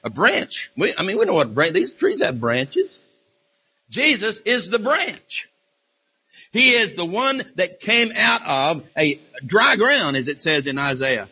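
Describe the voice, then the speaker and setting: A man preaches a sermon in a high, bright, husky voice. He speaks with fervor but often stumbles and restarts his phrases. His voice rings out with a long echo through a church hall. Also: big pitch swings. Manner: impassioned, halting with repeated restarts and fillers. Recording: reverberant hall.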